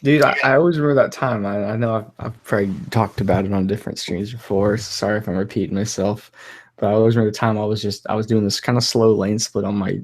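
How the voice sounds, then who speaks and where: A man co-hosting a casual motorcycle chat, telling road stories in an animated way. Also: fairly low pitch. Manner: fast, animated storyteller. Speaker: motovlogger co-host.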